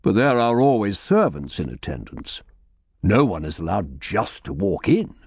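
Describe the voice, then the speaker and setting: A man voicing an older, weary abbot who speaks slowly and hesitantly. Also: on the low side, sing-song, a little mellow, breathy edge, no room sound, clean studio sound, exaggerated voice. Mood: anxious. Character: weary older male abbot, anxious and hopeful.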